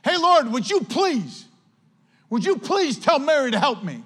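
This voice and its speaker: A man's voice: very high-pitched, very animated, a little slow, a bit bright, in a large hall, pitched above the performer's own voice, heavily acted. A man preaching plays an overworked, complaining woman host in a whiny, pleading voice. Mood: whining.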